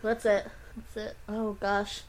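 A woman's voice: medium pitch, little pitch movement, a little slow. A woman co-hosting a casual film podcast, who gets set off laughing easily. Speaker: podcast co-host.

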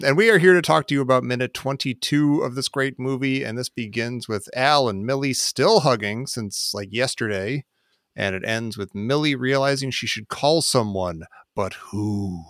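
A man's voice: medium pitch, a bit bright, dry recording, studio quality. A man co-hosting a film podcast in casual chat, laughing often and acting out lines from the movie. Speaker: podcast co-host.

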